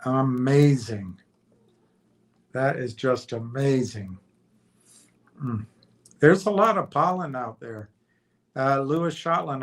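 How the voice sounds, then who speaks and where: A man hosting a livestream in a casual chat, reading out viewer comments with many fillers and trailing pauses. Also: medium pitch. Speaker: livestream host.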